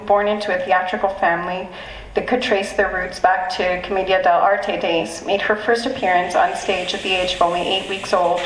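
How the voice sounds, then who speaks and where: A woman's voice: medium pitch, a little hiss or hum. A woman poet speaking hesitantly and with emotion at a live reading as she introduces her last poem. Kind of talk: live poetry reading remarks. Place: live reading event in a room. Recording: echoey room, mic at a distance, faint ambience.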